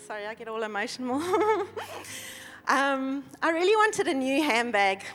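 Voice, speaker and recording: Woman preacher, high voice, earnest and animated, echoing hall. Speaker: church leader preaching. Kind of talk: sermon with personal stories. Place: church auditorium. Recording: long hall reverb.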